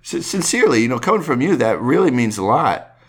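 A man impersonating a soft-spoken, polite male comedian in a halting, stammering voice. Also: sing-song, slightly rough. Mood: bashful. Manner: high, halting, stammering goofball voice.

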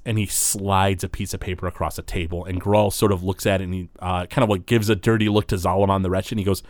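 A man with a fairly low voice narrates a tabletop role-playing game as game master. He rambles loosely and leans on fillers like "sort of" and "like". His voice sounds dry and close to the mic. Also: little pitch movement, fast talker, few pauses, no echo.

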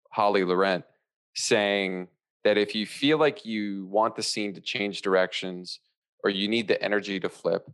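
A man, an improviser co-hosting a podcast, chatting playfully about improv technique. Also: fairly low pitch. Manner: playful, jokey, animated. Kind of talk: casual chat reviewing an improv show.

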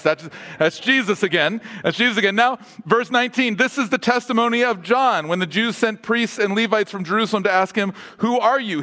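A man with a fairly high voice preaches to his congregation. He keeps asking them questions and moves between lively, joking asides and slower, softer passages. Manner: humorous asides. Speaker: pastor. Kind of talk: sermon.

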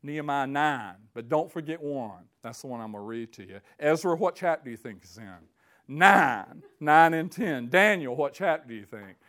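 A man preaching a sermon, reading scripture aloud with slow emphasis and swinging from hushed tones to near-shouting fervor. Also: medium pitch, animated.

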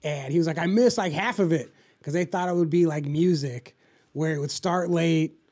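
A man's voice: a little high, steady tone, moderate pace, darkish tone. A young adult man co-hosting a podcast in casual chat, rambling and profane with lots of filler words. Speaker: podcast co-host.

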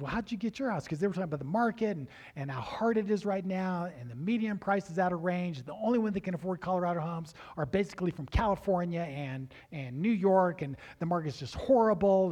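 Animated high-voiced man preaching. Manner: animated storytelling, acts out dialogue. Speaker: pastor. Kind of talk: sermon with personal story.

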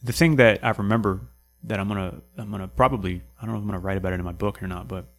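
Low-voiced Canadian guy, rambling and profane storyteller over faint music. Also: steady tone, rapid-fire, fairly bright tone. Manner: rambling, profane, repeats words while searching. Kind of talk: casual storytelling chat.

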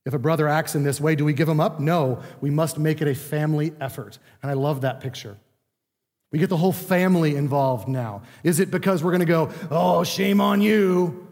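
A man with a fairly high voice preaches a sermon in an easygoing, conversational teaching manner, slipping into the voices of the people he describes. His words ring out with a long reverb, as in a large church sanctuary. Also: fairly quick, a little mellow. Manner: conversational teaching, acting out quoted speech. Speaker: pastor.

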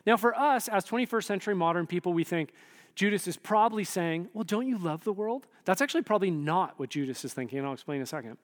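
A man preaching a sermon in a conversational, animated way, often checking in with the listeners. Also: high voice, fast talker, big-room sound. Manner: conversational, animated, frequent "right?" asides. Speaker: pastor.

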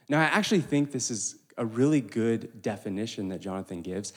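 A man's voice: fairly low pitch, a little fast, few pauses. Man preaching in an echoing hall. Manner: animated, with stumbles and asides. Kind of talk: sermon. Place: church hall. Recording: long reverb of a large hall.

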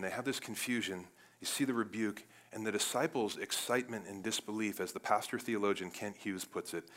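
Pastor from Cleveland, bright voice, chatty sermon that jumps from loud to hushed. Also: male voice, fairly low pitch. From Cleveland, United States. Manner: conversational and animated, swinging between loud bursts and quiet asides.

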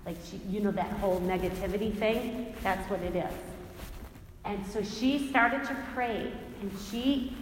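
A woman's voice: medium pitch, a little slow, a little hiss or hum. A woman giving a Christian faith talk, telling stories animatedly, acting out quotes and laughing often. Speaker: Christian speaker. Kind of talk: faith talk with personal storytelling. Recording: echoey hall with long reverb, faint ambience.

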